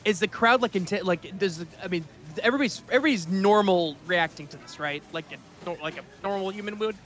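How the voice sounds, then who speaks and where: A man's voice: high voice, quick pace, fairly bright tone, slight background noise. A man playing in an improvised tabletop game, rambling comically through his character's actions. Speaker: guest player. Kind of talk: improvised tabletop role-play.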